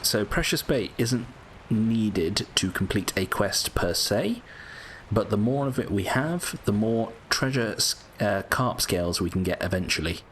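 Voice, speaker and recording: A man's voice: lowish voice, expressive, unhurried, fairly bright tone, a little hiss or hum. A British man giving casual gameplay commentary, chatty and prone to frustrated swearing. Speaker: gameplay streamer.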